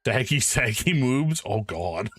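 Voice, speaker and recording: Excitable male streamer, mid-pitched and animated, casual banter; dry close sound, soft music bed. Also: slow pace, no room sound. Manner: animated and excitable, jokey, thanks donors. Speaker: streamer hosting a charity stream. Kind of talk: casual live-stream chat while drawing.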